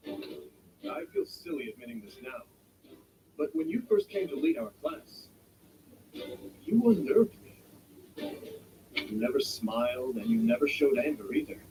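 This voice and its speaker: An actor playing an earnest, formal young male student in a video game, speaking in measured, sincere tones. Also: medium pitch. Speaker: game character. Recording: game audio heard from far off over music.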